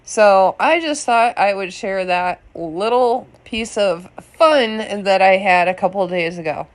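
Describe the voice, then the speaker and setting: A woman home vlogger chatting casually and telling a lively story. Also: mid-range voice, measured pace.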